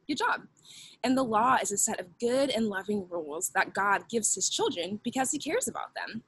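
A woman's voice: mid-range voice, a bit bright, breathy edge, low-quality recording. A young woman teaching children a Bible lesson in an upbeat way, leading call-and-response with them.

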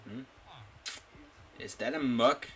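Speaking slowly in a bright-ish, medium-pitched voice, a man chats through a let's-play as a gaming YouTuber, chatting to his in-game pet and squealing with delight. A desktop mic captures it, with slight background noise.

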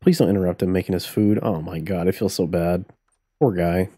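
A man's voice: low-pitched, fairly even intonation, a little fast, dark tone, dry recording, studio quality. A young man live-streaming a life-sim game, cursing, joking and laughing as he reacts to what happens. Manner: profane, joking, laughs often. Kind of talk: casual live-stream commentary while playing.

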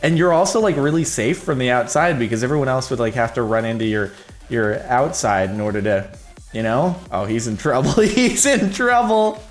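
A man's voice: mid-range voice, animated, normal speed, faint music behind. A man giving casual, jokey commentary on his own gameplay, rambling and laughing as he plays. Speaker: gaming video host.

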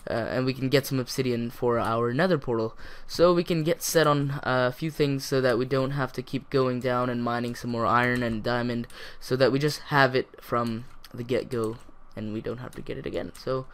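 A man casually commenting as he plays a video game, rambling and chatty with sudden bursts of excitement. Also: mid-range voice, normal speed, hardly any pauses, clear, resonant tone. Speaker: gaming YouTuber. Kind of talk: casual let's-play commentary.

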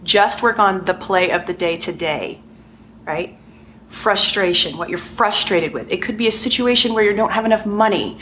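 A middle-aged woman giving a conversational coaching lesson, animated and repeating points for emphasis. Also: medium pitch, normal speed, slight background noise. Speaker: life coach.

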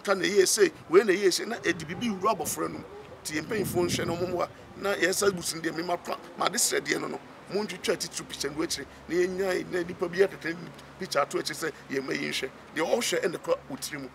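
A Ghanaian man, a reverend and counsellor, giving fast and emphatic commentary that switches between Twi and English. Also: high-pitched, gravelly, fairly bright tone, a little hiss or hum.

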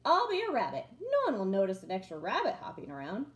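Brief: woman voicing an eager storybook turkey, high and lively, gobbling, roomy echo. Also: quick pace. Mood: excited. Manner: loud gobbling exclamations. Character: excitable male turkey in disguise.

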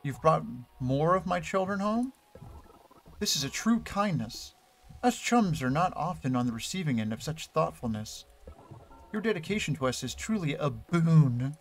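A man reading the lines of a gentle, motherly creature queen from a video game, in a soft and formal manner. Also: a little high, lively intonation, normal speed, faint music behind. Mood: warm.

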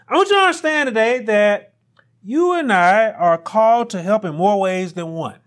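A man preaching a sermon as pastor, building to emphatic peaks and dropping to quiet asides. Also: high-pitched, lively intonation, normal speed.

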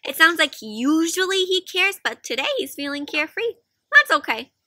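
A woman reading a picture book aloud to children, animated and chatty, asking the listeners questions as she goes. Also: very high voice, moderate pace, dry recording. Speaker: children's storyteller. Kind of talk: interactive read-aloud for kids.

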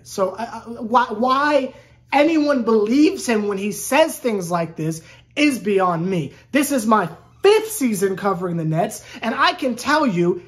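A woman's voice: on the high side, animated, measured pace. A woman sports YouTuber talking in a casual, rambling vlog rant. She is sarcastic and keeps restarting her sentences. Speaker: sports YouTuber covering a basketball team.

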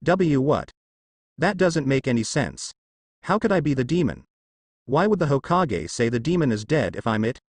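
A man's voice: medium pitch, sing-song, normal speed, no room sound. A man voicing a brash, cheeky young ninja boy in a fan story reading. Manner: cheeky, sarcastic.

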